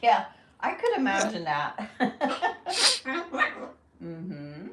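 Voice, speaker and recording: A woman's voice: mid-range voice, big pitch swings, extremely slow, very noisy. A woman hosting a casual live stream, chatting with viewers and coaxing her pet bird in a fond, playful way. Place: at home. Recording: roomy, distant mic, faint running water.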